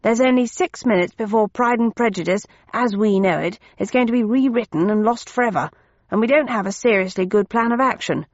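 Brief: woman reader as a clipped, hurried older gent, dull audiobook sound. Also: on the high side, no room sound, close to an everyday voice. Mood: urgent. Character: brisk fussy older English gentleman official.

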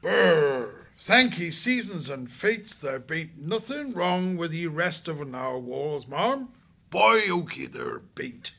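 Storybook role: a gruff old male mole, rustic drawl, raised pitch, lively swoops. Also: takes it slowly, exaggerated voice. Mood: relieved. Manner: broad rustic country dialect.

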